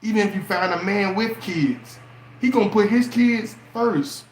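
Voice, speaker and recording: A man giving casual relationship advice in a preachy, animated way, firing off rhetorical questions. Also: high-pitched, a little slow, reverberant, a little hiss or hum. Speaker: relationship and astrology vlogger.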